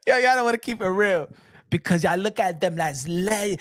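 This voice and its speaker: A boxing talk show host with a high voice and lively intonation talks at normal speed. He delivers casual ranting commentary, heated and repetitive, with plenty of profanity.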